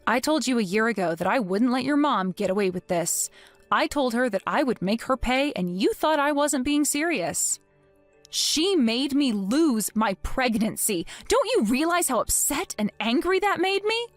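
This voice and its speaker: A woman's voice: high voice, lively intonation, moderate pace, faint music behind. A woman voicing a vengeful young wife in a dramatized story, cold and taunting with mock innocence. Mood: scheming.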